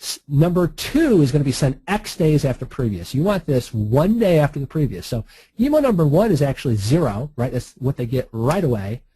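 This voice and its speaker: A man's voice: a little high, sing-song, a little fast, warm tone, breathy edge, no echo, low-quality recording. A man walking through a screen-share marketing tutorial in a chatty, breezy way, with frequent laughs and asides. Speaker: online marketing instructor.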